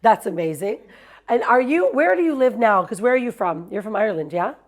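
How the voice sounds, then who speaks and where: A woman's voice: on the high side, lively intonation, brisk. A woman hosting an online summit, introducing guests with effusive enthusiasm over a video call. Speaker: show host.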